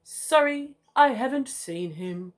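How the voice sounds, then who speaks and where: A woman voicing a sleepy female koala who talks slowly, in a storybook. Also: high voice, expressive, pitched above the performer's own voice. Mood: drowsy. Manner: slow, drowsy.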